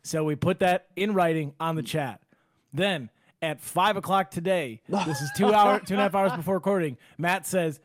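A man hosting a podcast, ranting in heated, fast banter with his co-hosts and breaking into laughs. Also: high-pitched, no room sound, clean studio sound. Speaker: podcast host.

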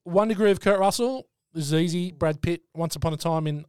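A man hosts a casual film podcast in a fairly high voice. He talks bluntly and swears freely. The sound is dry and close. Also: a little fast, a little mellow, clean tone, no echo. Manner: blunt, sweary, leads the segments. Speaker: podcast host.

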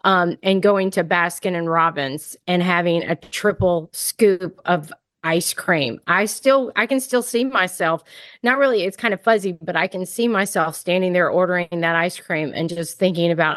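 A woman with a lowish voice interviews a guest on her podcast at a moderate pace, candid and empathetic as she shares her own experiences. The recording is dry.

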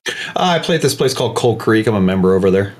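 Lowish male participant on a video call, easygoing and hesitant. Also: lively intonation, quick pace, darkish tone. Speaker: trainee in a role-play.

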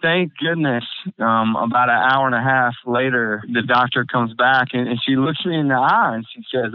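Young guy, halting and near tears, smooth voice, tinny phone-like line. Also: mid-range voice, no room sound. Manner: halting, many restarts and fillers, near tears. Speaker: guest. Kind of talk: emotional personal storytelling. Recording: phone-like narrow band, dry.

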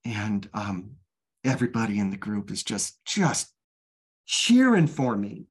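A man candidly telling his personal recovery story as a guest, halting and restarting often, earnest and open. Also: fairly low pitch, very animated, husky.

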